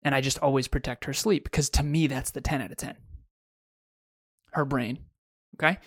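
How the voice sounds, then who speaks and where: A man's voice: medium pitch, steady tone, moderate pace, breathy edge, dry recording, studio quality. A man co-hosting a podcast, telling a long personal story in a casual chat with frequent restarts. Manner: storytelling, self-correcting restarts. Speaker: podcast co-host.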